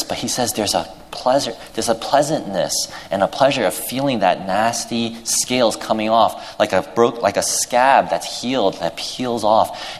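A man with a deep, low voice preaches a sermon, retelling a story in an earnest, halting way full of fillers and restarts. His voice carries a long reverb through a large hall.

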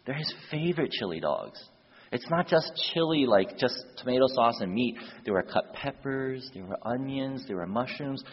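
A man preaching a sermon through an animated story, shifting voices for the characters and using casual fillers, recorded with dull lo-fi sound in a reverberant church hall. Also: mid-range voice, moderate pace, husky.

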